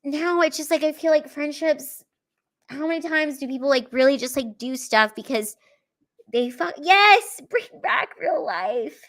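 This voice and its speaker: Her voice sits high and a bit bright, moving a little slowly. The young comedian rambles through a casual livestream for fans, emotional to the point of tears and cursing without restraint.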